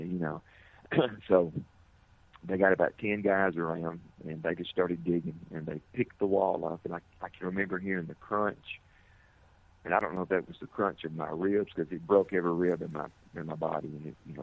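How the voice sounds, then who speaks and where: A middle-aged man, a firefighter, giving an earnest, halting personal account in an interview, with many restarts. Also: low voice, vocal fry, husky. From United States. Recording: tinny phone-like audio.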